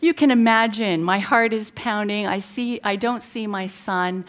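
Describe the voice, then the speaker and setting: A woman's voice: mid-range voice, measured pace. Middle-aged woman preaching a story. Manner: storytelling with many fillers, emphatic retelling. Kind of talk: sermon with personal story.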